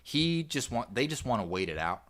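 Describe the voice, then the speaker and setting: A man co-hosting a history podcast, recounting events in a relaxed, rambling way with plenty of "like" and "I guess". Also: medium pitch, moderate pace. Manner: relaxed, rambling storyteller with fillers. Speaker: podcast co-host. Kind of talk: casual history podcast narration.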